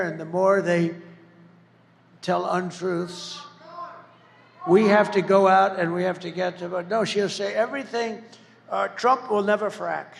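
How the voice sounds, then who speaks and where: A man giving a campaign rally speech as a political candidate, rambling, mocking and emphatic, breaking into shouts now and then. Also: high voice, vocal fry, big-room sound, a little hiss or hum. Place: large rally venue.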